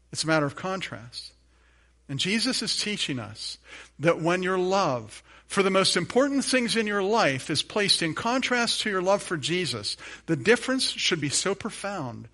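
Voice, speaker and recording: Bright-voiced man preaching a sermon. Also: on the high side. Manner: emphatic preaching with repeated phrases; asides with light humor to the congregation. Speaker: pastor.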